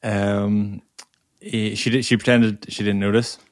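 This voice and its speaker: A man co-hosting a podcast, speaking quietly with a wry, understated manner. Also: lowish voice, level tone, measured pace, no echo, studio quality. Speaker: podcast co-host. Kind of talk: casual chat.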